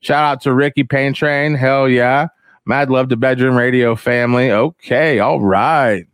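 A man rants loosely on his podcast, swearing freely and rambling from one gripe to the next. He breaks into shrill mocking voices to make his point. His voice sits in a middle pitch and sounds dry and close to the mic. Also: steady tone, measured pace, clean tone, no echo. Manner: profane, rambling, mocks others in shrill voices. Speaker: podcast host. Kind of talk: casual rant. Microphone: headphones on, close mic.

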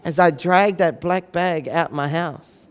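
A man in his forties with a notably high voice tells a funny family story. He is animated and acts out the voices of the people in his tale. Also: slow pace, clean tone. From Australia. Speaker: speaker. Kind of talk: humorous storytelling talk.

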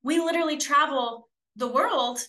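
Brief: woman podcast preacher, high bright voice, chatty testimony with earnest appeals. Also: moderate pace. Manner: chatty storytelling, many "like"s, rhetorical questions; earnest exhortation. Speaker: podcast host and traveling preacher.

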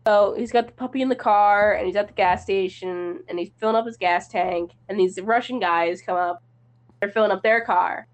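A woman who is sick, retelling a movie's plot in a rambling, halting casual chat with slang. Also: medium pitch, dull audio. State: sick, coughing.

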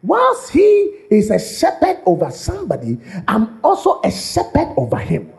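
A man's voice: very high voice, moderate pace, vocal fry. A man preaching a sermon as pastor, repeating phrases and restarting lines as he builds his point. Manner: repetitive, animated preaching with stammered restarts.

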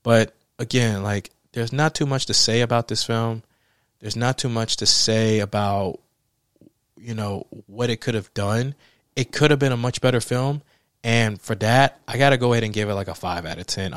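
A man's voice: medium pitch, smooth, no room sound, clean studio sound. A man giving a casual, profane film review rant, exasperated and laughing often. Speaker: movie reviewer.

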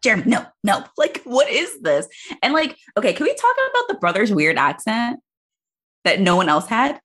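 A woman's voice: fairly high pitch, sing-song, normal speed, a bit bright. A woman co-hosting a podcast, chatting casually about a movie, swearing freely and laughing often. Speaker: podcast co-host.

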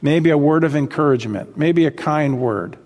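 A pastor preaches to his congregation in a church sanctuary, exhorting them directly and repeatedly calling out "listen" and "folks." His voice is on the high side and darkish, at a moderate pace, and the recording carries a long hall reverb.

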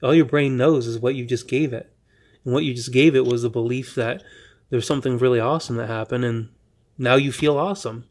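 A male podcast host telling a story in a lively, animated way. He acts out both sides of a back-and-forth conversation. He often restarts his words mid-sentence. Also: medium pitch. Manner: animated, reenacts dialogue with quick restarts. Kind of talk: storytelling monologue.

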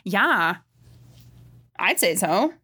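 A woman's voice: medium pitch, very animated, extremely slow, bright, forceful tone, husky. A woman co-hosting a casual podcast chat, giggling often and reading quotes aloud with mock drama. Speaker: podcast co-host.

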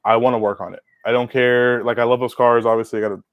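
A young adult man, a car detailer guest on a podcast, telling stories in a casual, animated way, swearing and acting out quotes. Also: medium pitch, fast talker, no echo, lo-fi sound. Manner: animated storyteller, swears, acts out quotes loudly. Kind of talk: casual storytelling chat.

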